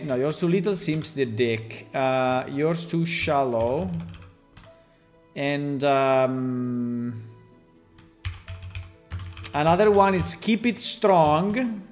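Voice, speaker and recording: A man from Italy with an Italian accent, rambling and joking with his chat in a casual live stream while he works on a game. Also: a little high.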